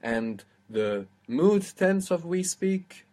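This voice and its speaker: A man's voice: on the high side, very animated, slow pace, a little mellow. A man teaching a language lesson, explaining step by step and quizzing his student.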